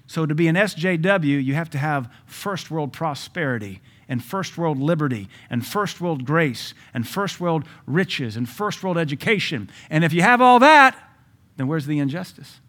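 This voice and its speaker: A man preaching a sermon in an emphatic, conversational way, with asides to his listeners and sudden loud rises. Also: on the high side, expressive, moderate pace, few pauses. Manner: jokes and asides to the audience.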